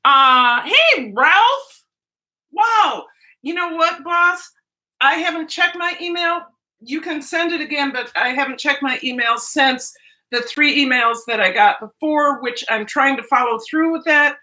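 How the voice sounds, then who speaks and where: A woman's voice: sits high, fairly even intonation, moderate pace, sharp tone. A middle-aged woman vlogger chatting casually with her live-stream viewers while cooking breakfast, rambling and barely moving her jaw as she talks. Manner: chatty and rambling, with frequent restarts.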